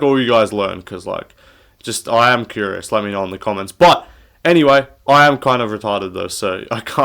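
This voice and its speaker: Young aussie guy doing mma picks, swears a lot, rambles, mid pitch, really casual. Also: a bit bright. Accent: Australian. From Australia. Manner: rambling, profane, self-mocking. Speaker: MMA prediction channel host. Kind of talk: casual crude commentary.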